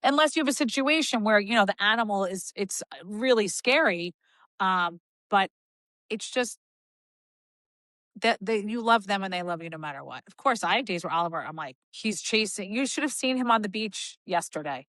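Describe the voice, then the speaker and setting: Woman cohost, bright voice, chatty storyteller, dry close sound. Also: mid-range voice, moderate pace, dry recording. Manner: animated storytelling with quoted voices. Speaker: podcast co-host. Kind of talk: casual chat.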